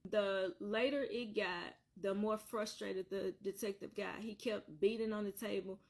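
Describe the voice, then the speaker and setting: A woman's voice: mid-range voice, fairly even intonation, unhurried. A woman telling her own painful story on a vlog, earnest and repetitive, circling back to the same points. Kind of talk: emotional personal storytelling.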